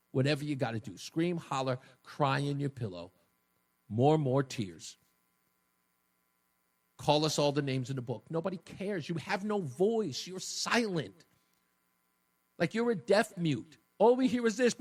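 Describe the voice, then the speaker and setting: A man hosting a talk radio show, delivering a mocking, combative political monologue that swings between shouting and low taunts.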